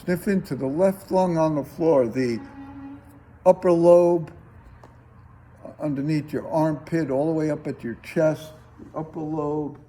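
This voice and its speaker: A man teaching a breathing class, guiding students with slow, calm, coaxing instructions. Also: fairly high pitch, a little hiss or hum.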